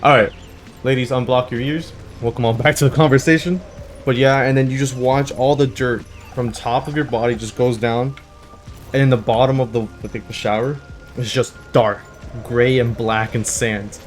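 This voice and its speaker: A man's voice: mid-range voice, normal speed. Joking young man rambling over game music. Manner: rambling, jokey, animated with sudden loud bursts. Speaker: gaming channel host. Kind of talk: casual storytelling over gameplay. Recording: faint background music.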